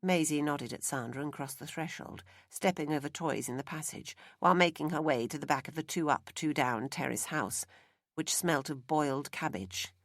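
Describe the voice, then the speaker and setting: A woman narrating an audiobook in a measured, expressive reading. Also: low-pitched, dry recording, studio quality. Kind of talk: scripted narration. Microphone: close studio mic.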